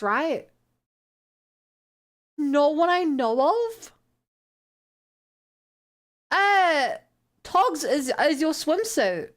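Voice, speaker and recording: A young woman with a New Zealand accent, chatting casually with her stream audience in a playful, incredulous way. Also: high-pitched. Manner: playful, exclaims in disbelief, laughs. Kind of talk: casual stream chat, reading chat.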